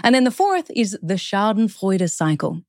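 A woman's voice: medium pitch, sing-song, moderate pace, a little mellow, dry recording. Woman, interview guest, earnest, explains step by step, dry close sound. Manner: earnest, explanatory, lists points in steps. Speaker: guest author. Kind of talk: interview conversation.

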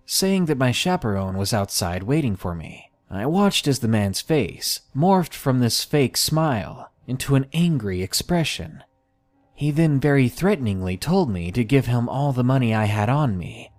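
A man reading submitted first-person scary stories aloud in a steady, measured scripted narration. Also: medium pitch. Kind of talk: scripted horror story narration.

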